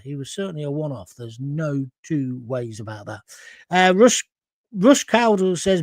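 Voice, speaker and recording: A man's voice: on the high side, expressive, unhurried, no echo, clean studio sound. Chatty man hosting a live show. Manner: rambling, anecdotal, chatty. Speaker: host. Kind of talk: live talk show, reading viewer comments.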